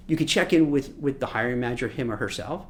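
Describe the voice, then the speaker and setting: Lively recruiter man giving career advice. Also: mid-range voice, quick pace. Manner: animated, acts out imagined dialogue. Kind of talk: casual advice talk.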